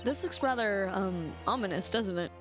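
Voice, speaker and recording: A woman's voice: mid-range voice, animated, normal speed. A woman streaming a video game, chatting casually and rambling with lots of giggles. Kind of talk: casual chat while playing a video game. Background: game music.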